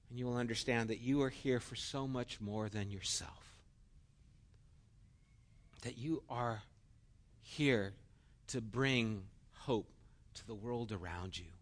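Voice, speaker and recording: A man's voice: mid-range voice, takes it slowly, long pauses. A middle-aged man preaching a sermon in an earnest, storytelling way and acting out quotes.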